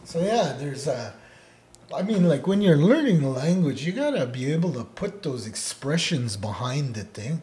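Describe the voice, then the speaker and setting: A man co-hosting a casual podcast, talking in a relaxed way and often ending his sentences with "eh?", growing loud and laughing when he tells stories. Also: a little high, normal speed, a little hiss or hum. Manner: laid-back, ends phrases with "eh?", turns loud and laughing when telling stories. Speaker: podcast co-host teaching Odawa. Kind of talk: casual conversational chat.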